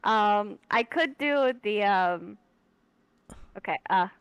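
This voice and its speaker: A woman's voice: medium pitch, lively intonation, takes it slowly, clean tone, no echo, muffled recording. A woman chatting casually on a stream, hesitant and rambling. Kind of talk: casual chat while streaming.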